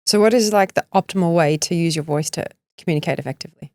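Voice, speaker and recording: A woman's voice: on the low side, fast talker, darkish tone, dry recording, clean studio sound. A woman interviewer asking curious follow-up questions in a conversational way.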